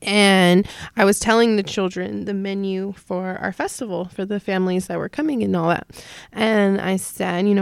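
A woman's voice: medium pitch, moderate pace, creaky, few pauses, no room sound. A young woman chats on a podcast, telling funny stories from her teaching. She jumps between voices and breaks into laughter. Her voice sits in a middle register, and the recording is close and dry. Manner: animated storyteller, laughs often. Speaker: preschool teacher, podcast co-host. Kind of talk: casual chat.

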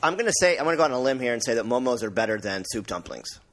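A man's voice: mid-range voice, animated, very fast, a bit bright. A man co-hosting a podcast, tossing off dry one-liners in casual chat.

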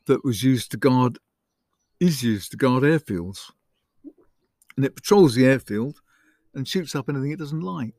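A man as a podcast guest, chatting casually in quick, musing remarks. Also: mid-range voice, animated, a little mellow, dry recording, clean studio sound. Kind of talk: casual chat.

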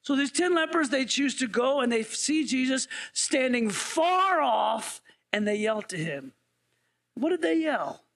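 A man with an unusually high voice and a gravelly edge delivers a sermon as a pastor. He keeps it conversational, tossing light questions out to his congregation as he goes. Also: big pitch swings, measured pace, a bit bright. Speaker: interim pastor.

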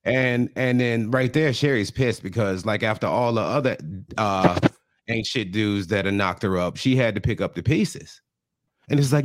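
Low-voiced man retelling with relish. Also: no echo, studio quality. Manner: animated retelling, acting out the people in the show in quick put-on voices. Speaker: podcast co-host. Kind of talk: casual comedic recap chat.

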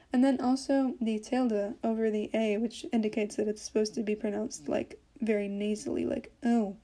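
A woman talks through a casual language lesson as the host of her own podcast. Her tone is mellow and warm, set a little high, and she fills her explanations with easygoing fillers. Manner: chatty, explains with many fillers. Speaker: podcast host teaching Portuguese.

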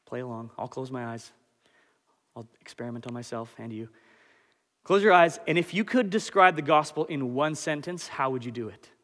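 A man in his late twenties preaching a sermon as pastor, animated and conversational. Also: mid-range voice, normal speed. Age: 20s. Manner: animated, conversational, self-deprecating. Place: church hall. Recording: long hall reverb.

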